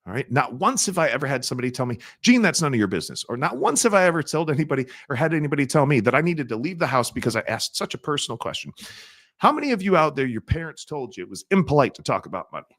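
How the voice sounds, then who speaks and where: Animated man coaching salespeople. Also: mid-range voice, racing. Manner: animated, asks the audience questions and acts out soft sales lines. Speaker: sales trainer. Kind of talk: sales training talk.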